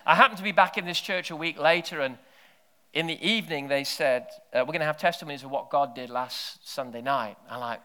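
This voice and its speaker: A man preaching a sermon full of stories. He drops to near-whispers and then breaks into loud shouted bursts. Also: on the high side, fairly quick. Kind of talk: sermon with storytelling.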